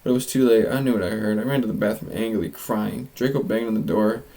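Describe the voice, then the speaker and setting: A man's voice: fairly low pitch, steady tone, fast talker, dark tone, poor audio. A man reading a fanfiction aloud for comedy, mocking it with exaggerated line readings and asides, his voice strained. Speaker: fanfiction reader.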